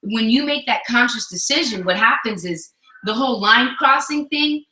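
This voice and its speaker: A woman's voice: fairly high pitch, moderate pace. A woman co-hosting a casual chat about relationships, telling stories animatedly and acting out what people said. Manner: animated storytelling, acts out quotes. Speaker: co-host. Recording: echoey room.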